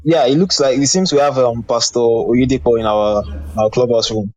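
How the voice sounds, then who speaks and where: A man moderating a casual online audio room discussion, brisk and joking. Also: mid-range voice, darkish tone, no echo.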